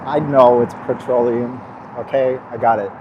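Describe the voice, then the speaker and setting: A man's voice: mid-range voice, fairly even intonation, normal speed, highs cut off, heavy background noise. A young man vlogging outdoors in casual, rambling chat, swearing and laughing at himself, his mouth sore and swollen so he stumbles over words.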